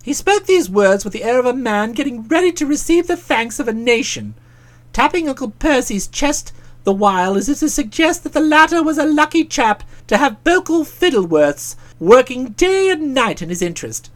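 An audiobook narrator reading a comic novel in a wry, expressive way. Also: high-pitched, moderate pace.

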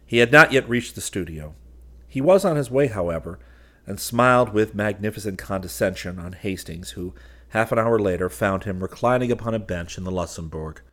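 A man narrating a classic story as an audiobook, with a measured, expressive reading. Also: low voice.

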